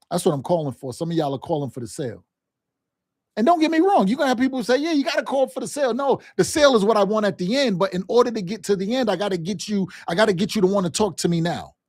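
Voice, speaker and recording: A man's voice: high-pitched, a little mellow, no echo, clean studio sound. A man coaching a sales lesson, talking emphatically in casual vernacular and repeating "right?" and "okay?" to his listeners. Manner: emphatic, repetitive, direct address with frequent "right?" and "okay?"; acts out quoted phone calls and family scenes in livelier voices.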